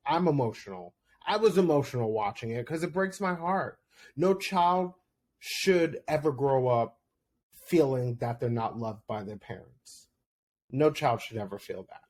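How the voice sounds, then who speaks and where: Male podcast host, mid-range voice, casual solo commentary, candid, laughs easily, spikes high when excited. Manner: chatty, candid, with laughs and sudden high bursts.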